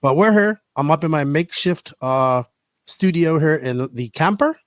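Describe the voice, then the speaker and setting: A man's voice: fairly high pitch, lively intonation, normal speed, no echo. A man hosting a casual podcast from a camper set up as a makeshift studio, talking in a joking, playful way. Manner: joking, playful, mock-solemn. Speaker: podcast host.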